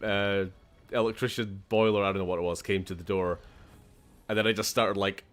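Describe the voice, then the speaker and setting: A man's voice: on the low side, little pitch movement, brisk. A man with a Scottish accent chatting casually and swearing while streaming a game. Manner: chatty, swears, laughs often, shifts tone a lot. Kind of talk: casual gameplay commentary.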